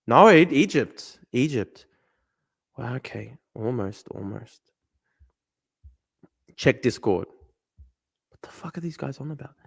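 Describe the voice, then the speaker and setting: A man's voice: mid-range voice, lively intonation, slow, creaky, pauses often, breathy edge. A rambling, cursing male livestreamer. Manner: rambling, swearing, muttering asides and exasperated outbursts. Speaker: livestream host. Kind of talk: casual livestream commentary while playing a guessing game.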